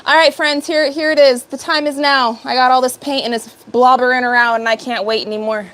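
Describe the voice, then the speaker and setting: A woman's voice: high-pitched, steady tone, fairly quick, fairly bright tone. A woman in her fifties hosting a casual livestream, chatting upbeat with viewers by name as she works. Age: 50s. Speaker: livestream host. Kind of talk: casual live chat while working.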